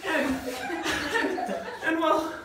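A man's voice: very high voice, animated, extremely slow, exaggerated voice. A man playing a bubbly, ditzy teenage girl who gushes in valley-girl chatter full of "like". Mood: flustered. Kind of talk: comedy skit acting. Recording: echoey room, far from mic, faint noise.

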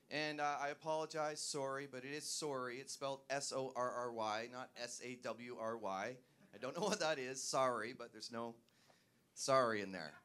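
A young Canadian man doing a rambling, self-deprecating stand-up set on a comedy club stage, with bursts of shouted punchlines. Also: mid-range voice, smooth. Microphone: handheld mic on a stand.

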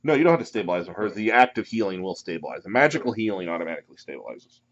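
A man running a tabletop game as game master, narrating with animated, sudden loud outbursts, on a dull lo-fi recording. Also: low voice, racing.

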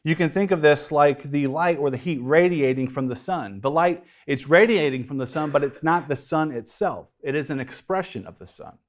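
A pastor preaching a sermon in a dramatic storytelling way, with casual, joking asides. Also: male voice, fairly high pitch, moderate pace, few pauses.

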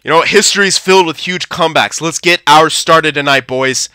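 A man's voice: on the high side, lively intonation, moderate pace, few pauses, clear, resonant tone, no room sound, clean studio sound. Young man swearing through game commentary. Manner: swears a lot, swings from shouting to deflated muttering. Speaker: gaming commentator. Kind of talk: live gameplay commentary.

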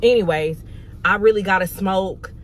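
A woman's voice: medium pitch, normal speed, a little hiss or hum. Blunt woman telling a story. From Georgia, US. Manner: candid, profane, exasperated storytelling. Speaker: vlogger. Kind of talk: storytime vlog.

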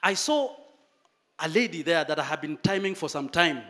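Preacher, male, high voice, animated storytelling sermon delivery. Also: normal speed.

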